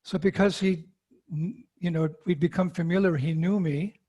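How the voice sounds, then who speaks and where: A man, a monk being interviewed, telling a personal story with animated acted-out quotes. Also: high voice, normal speed, breathy edge.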